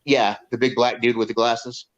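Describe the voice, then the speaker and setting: A man's voice: mid-range voice, little pitch movement, moderate pace, a crowd in the background. A man co-hosting a casual movie review, retelling scenes in a rambling way with many fillers and restarts. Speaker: podcast co-host reviewing a movie. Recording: dull lo-fi sound.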